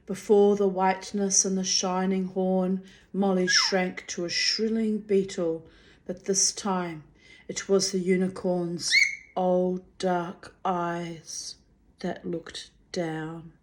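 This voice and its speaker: A woman reading a fantasy novel aloud in a slow, measured, gentle voice. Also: on the low side, level tone, background noise. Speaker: reader. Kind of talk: audiobook narration.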